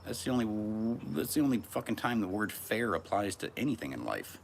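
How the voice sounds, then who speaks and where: A man's voice: lowish voice, sing-song, brisk, a little hiss or hum. A man vlogging from a back porch outdoors, talking in a brash, profane, rambling monologue.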